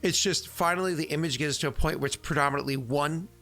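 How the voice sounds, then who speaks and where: A man's voice: fairly high pitch, fast talker, fairly bright tone, faint music behind. A man running a tabletop game as game master, rambling with many fillers and frequent laughs.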